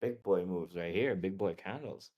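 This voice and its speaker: A man hosts a live stream in relaxed, chatty talk. His voice sits a little low, and he restarts his phrases often and laughs easily. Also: normal speed, muffled recording. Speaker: live stream host and chart analyst. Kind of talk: casual chat.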